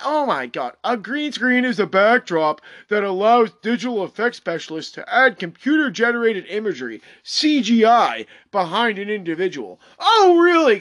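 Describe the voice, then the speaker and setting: A vlogger reads a news article aloud and breaks into sarcastic, swearing rants, repeating phrases mockingly between flat stretches of reading. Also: mid-range voice. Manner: sarcastic, exasperated, swears often, mocking repetition; jumps between flat reading and loud outbursts. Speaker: commentator reacting to a news article.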